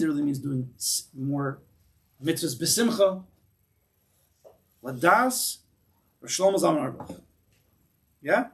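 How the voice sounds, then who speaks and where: A man giving an informal Torah class in a synagogue, telling stories animatedly with many restarts and asides. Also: far from the mic. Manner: animated storyteller, acts out voices with big pitch jumps. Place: synagogue hall.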